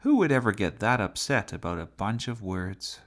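A man voicing a bossy, imaginative young girl in a children's storybook reading, his voice raised high. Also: sing-song, normal speed. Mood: chatty.

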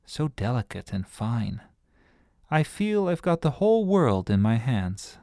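A man reading a storybook aloud and voicing a gentle, kindly older woman who speaks softly. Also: medium pitch, very animated, measured pace, gravelly, no room sound, clean studio sound. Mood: tender. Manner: gentle, soft-spoken, kindly.

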